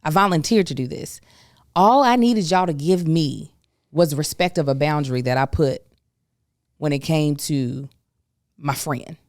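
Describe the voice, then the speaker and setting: A woman hosting a podcast, telling a story in a casual, emphatic, animated way with folksy asides. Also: sits low, measured pace, long pauses, dry recording, clean studio sound. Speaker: podcast host.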